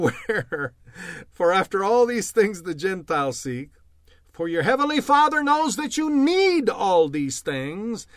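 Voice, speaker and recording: A man's voice: high-pitched, sharp tone, dry recording, clean studio sound. A male preacher teaching a sermon, emphatic, with refrains like "amen" and "bless God" and frequent self-amused laughs. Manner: emphatic, laughs at himself, many uh fillers.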